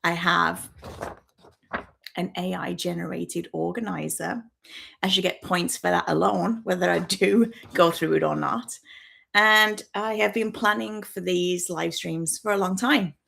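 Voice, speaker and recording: Gravelly woman with softened Midlands accent. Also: on the low side, steady tone, a little slow. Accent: West Midlands, softened. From Birmingham, UK. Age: 50s. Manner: nervous, self-deprecating, laughs often. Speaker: YouTuber hosting her first livestream. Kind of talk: casual livestream chat to viewers. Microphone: built-in laptop microphone.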